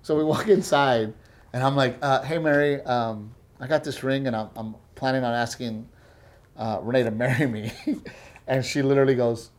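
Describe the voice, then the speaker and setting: A man's voice: medium pitch, normal speed. A man telling a funny personal story in casual chat, acting out other people's lines, swearing and laughing as he goes. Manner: animated storyteller who acts out quoted voices, swears, laughs often. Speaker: comedian, co-host.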